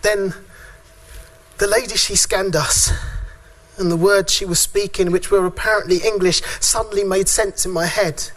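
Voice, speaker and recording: A man performing a spoken word poem at a conference, reciting in a rhythmic way with long dramatic pauses. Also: high-pitched, steady tone, fairly bright tone. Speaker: father speaking at a conference.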